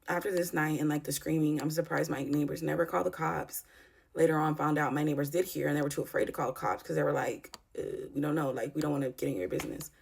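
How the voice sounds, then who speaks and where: A woman in her thirties tells a painful personal story straight to camera in a vlog. Her voice sits low and is heavily gravelly and husky. She talks in a raw, emotional, profane way, full of fillers. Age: 30s. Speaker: vlogger.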